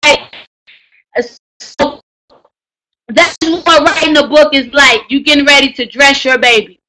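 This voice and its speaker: Wanita bersuara tinggi dan terang, bersemangat, sering berteriak menekankan kata. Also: female voice, high-pitched, unhurried, rough recording. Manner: emphatic, preachy, slangy, often shouting for emphasis. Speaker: writing coach teaching a book course. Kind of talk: energetic live class talk.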